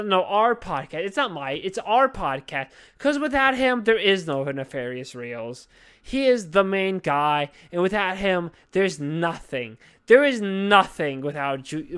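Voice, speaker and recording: A woman's voice: on the low side, clean tone. A drunk woman hosting a casual podcast chat, rambling, swearing and apologizing over and over. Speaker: podcast host.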